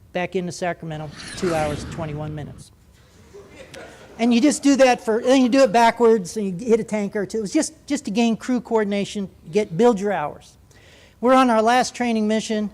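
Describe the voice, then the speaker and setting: A man, a former pilot, telling a humorous story with lively, animated delivery. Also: high voice, slight background noise. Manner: lively, animated, comic timing.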